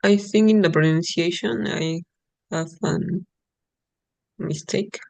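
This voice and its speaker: A student with a mid-pitched, gravelly voice answers a tutor in short, hesitant bits, filling gaps with soft "mm"s. The sound is dry and close. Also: steady tone, takes it slowly, no echo. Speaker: test-prep student. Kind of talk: one-on-one lesson.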